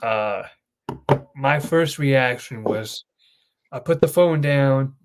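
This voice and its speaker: A man's voice: medium pitch, takes it slowly. A young man hosting his channel, telling an emotional story in a rambling casual way. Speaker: host. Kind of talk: casual chat.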